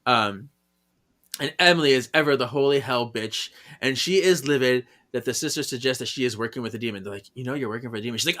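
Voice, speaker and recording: Bright-voiced man chatting casually. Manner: giggly, acts out lines in quick high voices. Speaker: podcast co-host. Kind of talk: casual recap chat.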